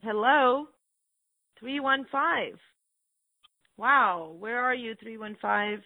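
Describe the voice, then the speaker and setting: A woman hosts a live call-in show, greeting each caller warmly and calling them honey or sweetheart. Her voice sits a little high and sounds completely dry, and the audio comes through a thin, tinny phone-like line. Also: slow, no room sound.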